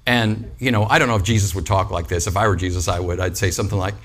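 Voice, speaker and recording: A man's voice: sits low, steady tone, quick pace, fairly bright tone. A man preaching a conversational sermon as a pastor, with joking asides and frequent calls of "Amen?" and "right?" to the congregation.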